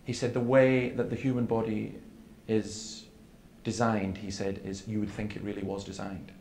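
A man's voice: on the low side, little pitch movement, normal speed, vocal fry, darkish tone. A man giving an earnest seminar talk, telling stories with quoted dialogue. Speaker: preacher. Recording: echoey hall with faint room noise.

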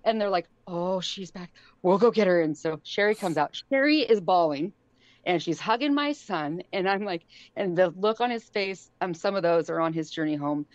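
A middle-aged woman tells a story in a casual, animated way, often laughing and acting out the lines of the people she talks about. Her voice sits fairly low and sounds dry and close. The sound is dull and lo-fi. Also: moderate pace, no room sound. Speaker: guest.

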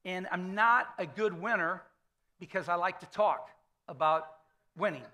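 Fifties guy pastor giving a chatty sermon in church, high bright voice, keeps checking in with the crowd. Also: measured pace. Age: 50s. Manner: conversational storytelling sermon, frequent "okay?" check-ins. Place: church sanctuary.

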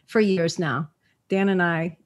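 A woman's voice: fairly low pitch, steady tone, unhurried. A woman sitting in as guest on a podcast, brash and profane, laughing often through crude banter. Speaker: guest co-host.

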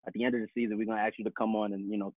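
A man in a casual video call chat, animated and joking as he laughs often. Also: lowish voice, rapid-fire, no echo, narrow, tinny audio.

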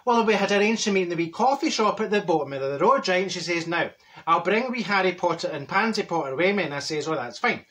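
A fast-talking man with a high, expressive, slightly bright voice takes on the role of a straight-talking older Glaswegian woman. In a gossipy comic monologue, he spins his story in a broad, chatty Scottish accent full of "wee" and "right?".

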